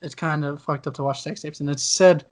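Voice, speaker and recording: A man's voice: on the high side, fairly even intonation, fairly quick. A man talking as a guest on a casual podcast over a video call, crude and joking, laughing often. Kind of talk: casual chat.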